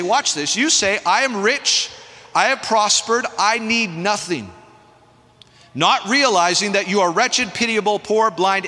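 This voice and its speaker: Pastor guy preaching, high bright voice, lively and emphatic, big church reverb. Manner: animated, emphatic, conversational preaching with asides. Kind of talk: sermon. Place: church sanctuary.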